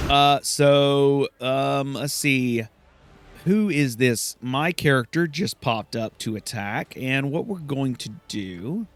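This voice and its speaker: A young man hosting a let's play, casually thinking aloud and reacting excitably. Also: medium pitch. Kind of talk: gameplay commentary.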